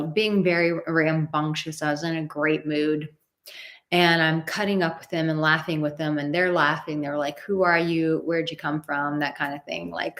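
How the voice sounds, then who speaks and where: A woman in her thirties hosts a live advice stream in a slightly low voice. She talks bluntly and with animation, acting out what others said and not shy about swearing. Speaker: relationship advice host.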